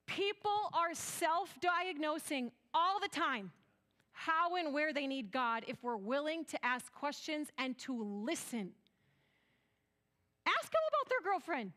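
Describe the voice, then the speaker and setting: A woman with a West Michigan accent speaks at a conference in a high voice. She is earnest and tells stories, slipping into other people's lines of dialogue along the way. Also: animated, slow, a bit bright. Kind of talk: conference talk.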